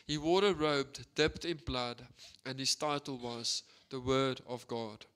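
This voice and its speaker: A man with a South African accent preaching an energetic, storytelling sermon, often asking "right?". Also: mid-range voice, a little slow, clear, resonant tone.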